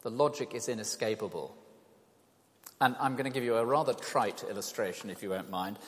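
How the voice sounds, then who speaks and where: An older man gives an evangelistic talk to an audience, conversational and self-deprecating, telling stories with animation. His voice is lowish, fairly quick and a bit bright, echoing in a reverberant hall.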